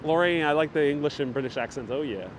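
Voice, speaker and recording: Street ambience fills the noisy background as a man with a fairly high pitch and quick pace runs a livestreamed city walking tour outdoors. He chats with viewers and reads their comments aloud, using a wireless lapel mic and a phone on a gimbal.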